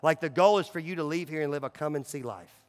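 A man preaching a sermon as pastor, talking casually with fillers and swinging between loud, emphatic runs and hushed, low drops. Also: fast, long reverb tail.

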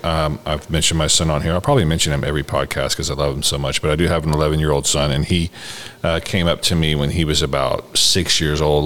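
A man in his thirties hosting a podcast, easygoing and quick to laugh as he chats. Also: extremely low pitch, a bit bright. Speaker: podcast host. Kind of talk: casual chat.

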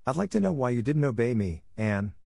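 A man voicing a stern, sharp-tongued older woman who scolds in a brisk, tart way. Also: mid-range voice, big pitch swings, creaky, dry recording, studio quality, voice pushed up. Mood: scolding.

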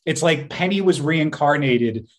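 A man co-hosting a podcast in casual chat, telling stories in an animated way and laughing often. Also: a little high, measured pace. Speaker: podcast co-host.

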